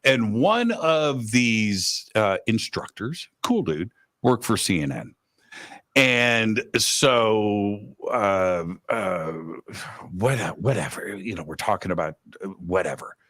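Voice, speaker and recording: A man's voice: fairly low pitch, expressive, slow, a bit bright, dry recording. A man hosting a radio talk show, emphatic and repeating points for stress. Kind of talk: casual radio chat. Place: Los Angeles.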